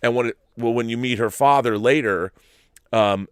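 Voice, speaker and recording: A man's voice: mid-range voice, normal speed, smooth, dry recording, clean studio sound. A man talking casually about a TV show, rambling and restarting his sentences. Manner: rambling, restarts often, acts out quotes. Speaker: podcast co-host. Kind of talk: casual discussion.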